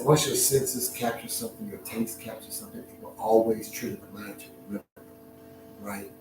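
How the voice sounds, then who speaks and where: Emotional man, hushed to preaching, echoey. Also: fairly low pitch. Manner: swings from hushed near-whisper to loud preaching. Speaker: talk show host. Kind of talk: emotional heartfelt talk to listeners. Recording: very echoey room, far from the mic, clear music behind.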